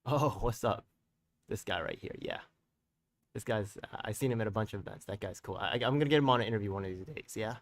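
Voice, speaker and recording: A man's voice: lowish voice, brisk, recorded from a distance. Heated, profane New man ranting. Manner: profane, heated and rambling, with street slang; talks straight to viewers with tag questions. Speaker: community activist and live-stream host. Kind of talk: live-stream commentary.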